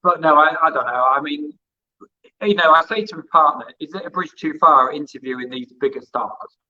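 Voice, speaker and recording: This man, who once hosted hospital radio and now interviews musicians, speaks with a fairly high, fairly quick voice through a muffled recording. In a relaxed interview he spins meandering anecdotes, performing the lines of dialogue he quotes.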